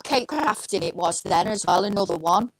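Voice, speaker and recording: A middle-aged woman talks as a guest on a casual live show, friendly and modest in an informal way. Her pitch rises and falls a lot as she talks. The recording is dry and close. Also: animated, normal speed, no room sound, rough recording. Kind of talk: casual interview chat.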